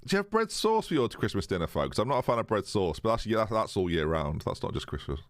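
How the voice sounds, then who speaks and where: A man's voice: fairly low pitch, very animated, fast talker, dry recording, clean studio sound. A young man casually chatting with his live-stream viewers, joking and reading their messages aloud. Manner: chatty, jokey, reads chat aloud.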